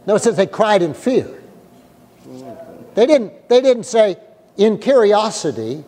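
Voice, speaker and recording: A man preaching with a lively, swooping delivery that keeps jumping into acted voices of frightened people. His voice sits a little high for a man. A long reverb rings behind him, as in a church sanctuary. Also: moderate pace, a little hiss or hum. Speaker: pastor. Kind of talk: sermon.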